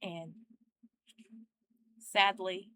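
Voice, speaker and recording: A young woman hosting a reaction channel, speaking in a casual, earnest and heartfelt way, often halting as she searches for words. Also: medium pitch, flat delivery, a bit bright, no room sound, rough recording.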